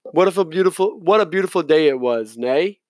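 A man's voice: a little high, expressive, a little fast, darkish tone, dry recording, studio quality, lightly acted. A man voicing an older Afghan general who speaks with thin politeness and veiled menace. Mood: veiled threat.

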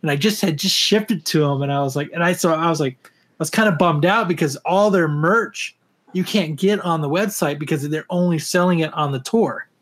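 A man with a high-pitched voice tells stories in a casual podcast chat. He rants in an animated way and swears constantly. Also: fairly quick. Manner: profane, animated ranting storyteller.

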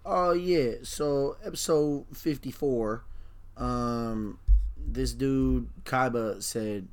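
Male podcast co-host, relaxed anime chat, says "bro" a lot, reacts with disbelief. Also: medium pitch, drawn-out words, clean tone. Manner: laid-back, incredulous, slangy ("bro"). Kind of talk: casual anime review chat.

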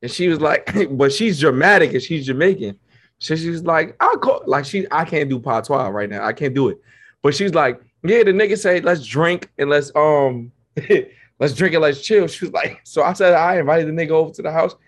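Guy chatting on a podcast, slangy, acts out everybody in his story, voice a bit high. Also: moderate pace. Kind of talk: casual chat, storytelling.

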